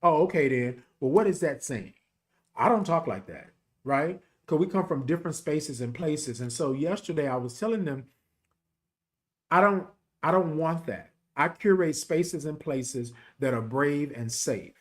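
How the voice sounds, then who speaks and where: A man's voice: on the high side, expressive, a little slow. Emphatic Texan man, country twang. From Texas. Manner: folksy, emphatic, talks straight to listeners with "y'all" and "right?". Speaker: podcast host and HIV advocate. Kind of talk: casual direct-to-audience talk.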